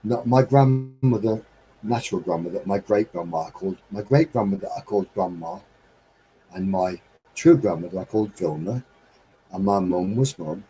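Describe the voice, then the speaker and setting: A man's voice: low-pitched, animated, normal speed, mellow, a little hiss or hum, low-quality recording. A man hosting a casual live stream chat, rambling cheerfully, laughing and breaking into snatches of song. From England.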